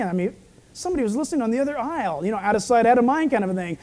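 Male pastor, croaky frog-like voice, warm low tone, preaches with casual anecdotes. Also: animated, racing. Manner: storytelling preacher with self-deprecating asides. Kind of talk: sermon.

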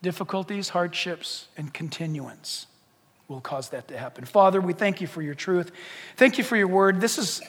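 A man preaching a sermon as pastor, animated, acting out little dialogues and rising to shouts. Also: high-pitched, moderate pace. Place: church sanctuary. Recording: long reverb of a church hall.

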